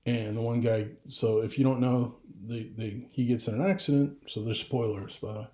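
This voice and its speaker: A man's voice: medium pitch, steady tone, normal speed, warm tone, roomy sound. A middle-aged father talking casually to camera, rambling with restarts and getting emotional. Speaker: vlogger.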